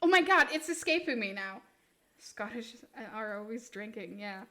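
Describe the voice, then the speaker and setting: Giggly woman, high and bright. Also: expressive, moderate pace. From Sweden. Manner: giggly, joking, rambling. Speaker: streamer. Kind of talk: casual live-stream chat.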